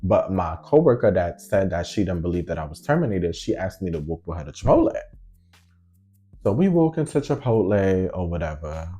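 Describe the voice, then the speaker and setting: A man casually telling a story to his viewers in a slangy, animated way, acting out each side of the conversation. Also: deep voice, normal speed.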